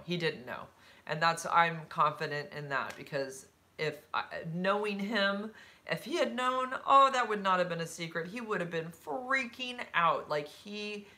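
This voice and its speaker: A woman's voice: low-pitched, pushed and bright. A woman chatting candidly on a live stream, reading out viewer comments and answering them with fillers and laughs.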